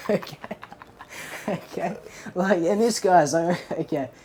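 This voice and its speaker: A man's voice: high voice, slow pace, a little mellow, a little hiss or hum. A young man co-hosting a podcast, telling stories in casual chat, laughing often and swearing freely. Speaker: podcast co-host.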